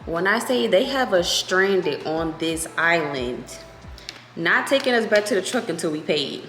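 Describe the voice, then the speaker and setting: A young woman vlogger telling a story in a casual, animated, profane way. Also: fairly low pitch, a little slow. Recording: echoey room with faint music.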